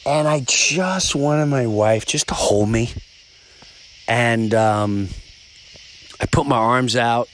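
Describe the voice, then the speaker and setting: A man hosting a podcast, telling stories in a casual, animated way while outdoors by the woods at night. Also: slow pace, long pauses. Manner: animated storyteller, pitch jumps up when exasperated. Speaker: podcast host. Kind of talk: casual solo monologue.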